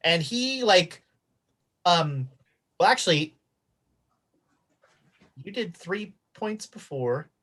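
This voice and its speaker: A woman's voice: on the low side, sing-song, slow pace, pauses often, a bit bright, low-quality recording. A woman narrating as game master in a loose, chatty way with many fillers.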